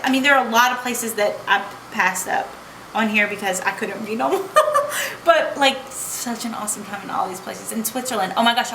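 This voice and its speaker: A young woman from the United States chats through a travel story for her vlog, her voice a little high and a bit bright. She's gushing and bubbly, leaning heavily on "like" and "oh my gosh," while the room echoes and faint noise lingers in the background.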